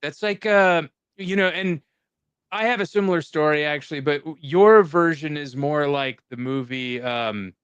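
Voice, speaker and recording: Animated man telling stories, smooth dry voice. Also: fairly high pitch, moderate pace, no room sound. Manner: animated storyteller, swears freely. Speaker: podcast host. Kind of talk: casual chat.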